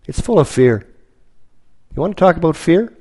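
A man preaching a sermon, telling a story slowly and dramatically, with lots of repetition. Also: a little high, lively intonation, a little mellow, slightly rough, rough recording.

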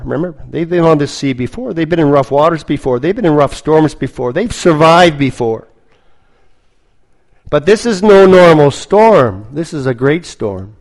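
A man preaching a sermon, telling a story slowly and dramatically, with lots of repetition. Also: a little high, a little mellow, low-quality recording.

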